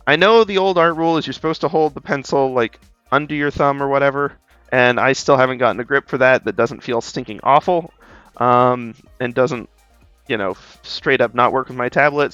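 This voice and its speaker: Drawing on stream, a man with a mid-range, fairly bright voice talks fairly quickly, tired yet bubbly. The dry, dull recording has faint music in the background as he rambles cheerfully, chuckling and saying um a lot.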